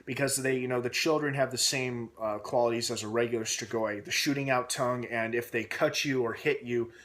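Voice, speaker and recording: A young man talking through a TV episode recap in a loose, rambling way. His voice sits at an ordinary middle pitch, and "uh" fillers and restarts break up his sentences. He keeps tossing speculative questions out to his viewers. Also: steady tone, a little fast, a bit bright. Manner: asks himself questions aloud while speculating. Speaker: TV episode reviewer and channel host. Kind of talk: casual recap vlog.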